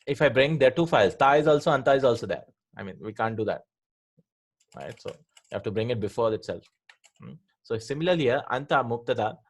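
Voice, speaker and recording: Man, grammar teacher, middle-pitched voice, patient, repetitive, checks understanding, explains step by step. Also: expressive. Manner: patient, checks in with "right?" and "hmm?", repeats forms slowly.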